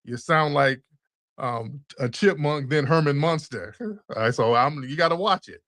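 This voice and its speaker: A man's voice: on the high side, lively intonation, unhurried, fairly bright tone, no echo, studio quality. A man hosting a call-in show, mocking and insulting a caller with crude jokes. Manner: mocking, insulting, trash-talking. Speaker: host.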